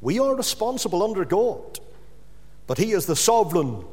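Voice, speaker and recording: A man preaching a sermon, stressing key words slowly and then dropping his voice to a hush. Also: sits high, big pitch swings, long reverb tail. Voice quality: emphatic, with drawn-out stressed words and sudden drops to a hush.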